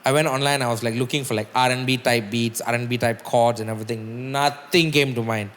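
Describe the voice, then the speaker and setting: A man tells stories as a guest musician on a casual podcast, animated and swearing freely. His medium pitch rings out with a long reverb tail. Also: brisk.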